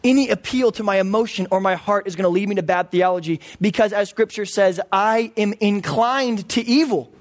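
High-voiced man preaching earnestly. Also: brisk, hardly any pauses. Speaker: pastor. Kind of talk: sermon.

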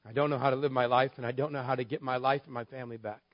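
A man's voice: mid-range voice, steady tone, racing, no echo. Candid, wry male pastor telling a story. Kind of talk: sermon storytelling. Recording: dull, lo-fi dry sound.

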